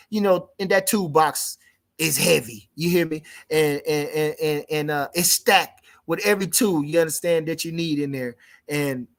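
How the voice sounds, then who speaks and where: A man hosting a livestream, reading viewers' comments and chatting about boxing in a rambling, casual way, with lots of restarts and shout-outs. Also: on the high side. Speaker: livestream host reading chat.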